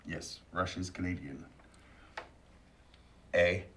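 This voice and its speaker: Guy co-hosting a movie review, lowish voice, dry teasing sarcasm, just chatting. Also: moderate pace, a bit bright, a little hiss or hum. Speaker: co-host of a movie review show. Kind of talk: casual movie review chat.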